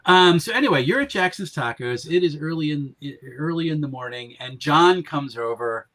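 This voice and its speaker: A man's voice: a little high, animated, normal speed, a bit bright. A man from Pennsylvania running a tabletop game as game master, talking casually with lots of fillers and self-corrections.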